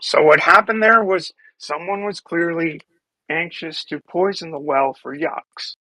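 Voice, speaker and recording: A man in a heated online discussion, talking in halting bursts with many restarts and defending his account. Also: fairly high pitch, pushed and bright, no room sound, low-quality recording.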